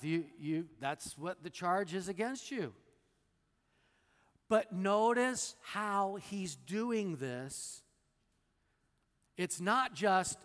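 A man with a notably high voice preaches a sermon, explaining the text in a conversational teaching manner. He drops wry asides and puts questions to listeners by name. His voice rings out with a long hall reverb. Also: animated, slow pace, fairly bright tone. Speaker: pastor.

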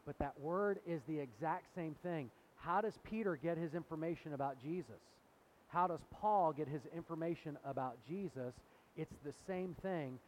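A man's voice: fairly high pitch, darkish tone, rough recording. Man preaching a conversational sermon. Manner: conversational teaching, quoting scripture with asides to listeners. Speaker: pastor. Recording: faint hiss.

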